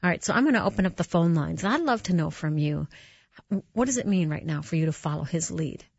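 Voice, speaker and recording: A woman's voice: deep voice, expressive, brisk, vocal fry, a little mellow, husky, no echo. A woman hosting a Christian radio talk show, telling personal stories in an earnest, conversational way with restarts. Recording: dull, slightly muffled radio audio.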